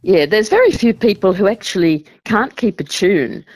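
Measured woman explaining calmly. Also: medium pitch, dry recording, poor audio. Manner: measured, explanatory, with frequent ums and restarts. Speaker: support group representative. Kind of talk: radio interview.

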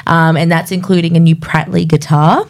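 A woman, a country singer guesting on a radio interview, bubbly and quick to laugh. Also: fairly low pitch, steady tone.

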